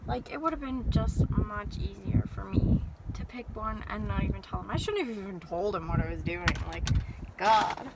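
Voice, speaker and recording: A young woman telling an animated, exasperated story-time rant from her parked car. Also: medium pitch, normal speed, very noisy. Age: young adult. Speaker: vlogger.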